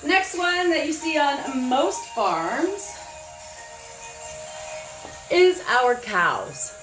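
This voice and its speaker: A woman leading a children's yoga class, giving gentle, encouraging instructions with frequent praise. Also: high voice, very animated, extremely slow, echoey room, faint music behind. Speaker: kids yoga teacher. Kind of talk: guided children's yoga lesson.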